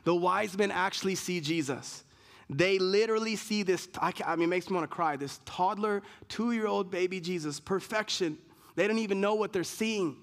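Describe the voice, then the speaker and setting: A man's voice: sits high, a little fast. A male pastor preaching an emphatic sermon, building points through repeated lists and restarts. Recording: long reverb of a large hall.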